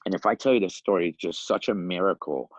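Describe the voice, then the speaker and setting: A man in his fifties from Iran, a podcast guest telling his life story in a lively, animated way, often laughing and acting out the voices of other people. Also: low-pitched, quick pace, dry recording, poor audio. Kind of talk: casual storytelling.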